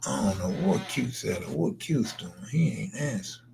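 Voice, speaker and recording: A man's voice: mid-range voice, lively intonation, moderate pace, vocal fry, heavy background noise. A man chatting loosely on a late-night live stream, answering viewers in slangy, laid-back talk that trails into mumbles.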